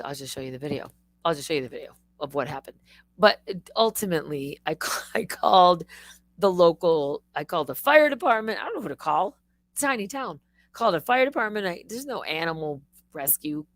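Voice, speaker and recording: A woman streamer telling a story in a loose, animated way, cursing freely and jumping up high when she quotes herself. Her pitch swings widely. The sound is dry and close, with no room around it. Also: no room sound. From Michigan. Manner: animated, swearing, quoting herself in high excited bursts. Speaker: livestream host, former wildlife TV host. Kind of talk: casual livestream storytelling.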